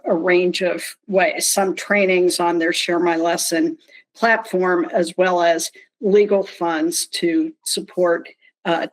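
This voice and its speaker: Slow, deliberate woman with dry humor. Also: lowish voice, rough recording. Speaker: panelist from a nonprofit. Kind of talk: online panel discussion. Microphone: video call.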